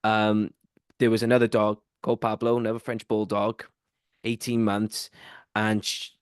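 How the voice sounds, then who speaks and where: A man's voice: lowish voice, normal speed, smooth, no room sound, clean studio sound. Chatty man telling stories. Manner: rambling, animated storyteller with many fillers. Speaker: podcast host. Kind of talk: casual storytelling chat.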